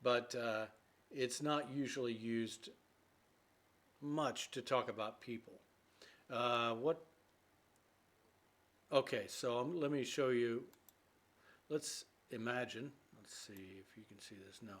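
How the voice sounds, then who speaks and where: A man's voice: mid-range voice, takes it slowly, long pauses, a bit bright. Chatty male English teacher. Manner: chatty, with many fillers and play-acted quotes. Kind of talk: casual idiom lesson.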